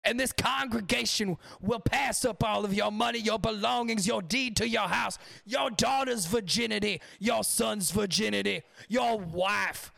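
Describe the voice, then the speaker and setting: A man voicing a greedy, over-the-top male megachurch preacher who shouts and pleads in a sermon cadence. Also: sits high, measured pace, creaky, few pauses, no echo, faint music behind, heavily acted. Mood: pleading, grandiose.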